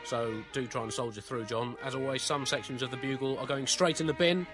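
A man co-hosting a comedy podcast, reading jokes in a deadpan, mock-solemn way and bantering. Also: medium pitch, a little fast, over music. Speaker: co-host.

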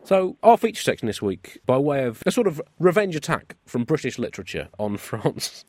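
A man co-hosting a comedy radio show, wry and deadpan. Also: mid-range voice, moderate pace, dry recording. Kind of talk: comic radio banter.

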